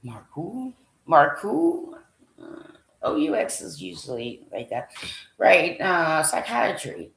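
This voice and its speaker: A woman's voice: low voice, sing-song, slow pace, creaky, roomy sound, slight background noise, rough recording. A woman vlogger thinking aloud as she browses a website, rambling with lots of fillers and sometimes dropping to a whisper while she reads items off a list. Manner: drops to a whisper when reading lists.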